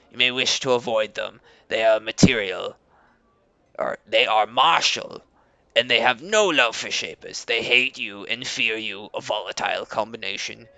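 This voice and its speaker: A man voicing a proud, guarded male leader of a servile tribe in a fantasy game, speaking in a formal, measured way. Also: mid-range voice, sharp tone, dry recording, pitched below the performer's own voice, exaggerated voice. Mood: dismissive.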